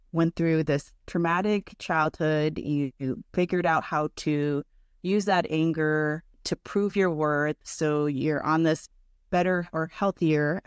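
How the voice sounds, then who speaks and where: A podcast host sums up the guest's story in a calm, measured way before putting the next question. The speech is slow and unhurried. The voice is smooth and clear, recorded close and dry. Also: medium pitch, dry recording. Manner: measured, recaps before asking. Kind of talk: interview questions.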